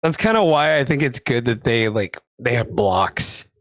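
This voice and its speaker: A man co-casting a live card game tournament, relaxed and slangy in casual chat. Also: mid-range voice, normal speed, no echo, studio quality. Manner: laid-back and slangy. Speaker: co-caster.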